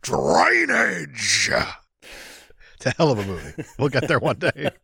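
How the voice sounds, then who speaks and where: A man co-hosting a podcast, chatting casually and making sarcastic jokes with quick asides. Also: mid-range voice, sing-song, breathy edge, no echo, clean studio sound. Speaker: podcast co-host. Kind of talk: casual comedy chat.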